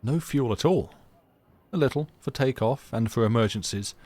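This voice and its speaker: A man's voice: medium pitch, moderate pace, a little mellow. A man streaming a story game live, reading its narration aloud with casual, chatty asides and playful restarts.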